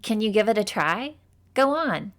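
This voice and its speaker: A woman teaching a children's phonics lesson in a slow, scripted way. She is upbeat and encouraging, praises often, and sounds out letters with careful, exaggerated enunciation. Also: medium pitch, sing-song.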